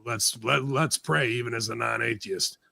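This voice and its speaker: A man's voice: mid-range voice, moderate pace, creaky, bright, forceful tone, dry recording, clean studio sound. A man hosting a talk show, ranting sarcastically with lots of profanity in casual heated chat. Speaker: podcast host.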